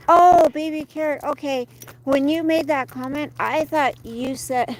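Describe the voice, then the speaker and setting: Out on a street, a woman with a high-sitting voice chats casually at a measured pace while walking her dog. She vents about work, breaking off to coax the dog along. The audio is poor, with slight background noise.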